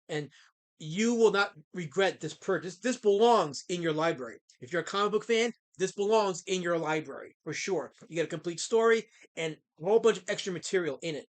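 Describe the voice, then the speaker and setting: A middle-aged man who creates comics, chatting casually on a live stream, rambling with many fillers and snapping back at his chat. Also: sits high.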